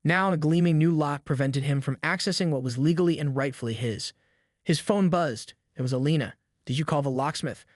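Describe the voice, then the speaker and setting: A man's voice: on the high side, brisk, dry recording. Man narrating a story, dry sound.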